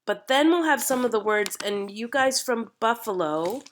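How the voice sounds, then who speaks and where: A woman's voice: fairly high pitch, expressive, normal speed. A Canadian woman coaching actors in an accent, explaining and demonstrating sounds to camera with frequent ums. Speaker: dialect coach.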